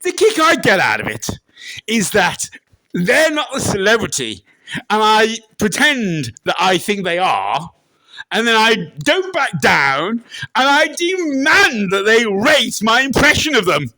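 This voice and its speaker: A man answering questions in a deadpan comic interview, breaking into loud shrieking impressions. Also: sits high, a little slow, no room sound, low-quality recording. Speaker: interviewee in a comedy sketch.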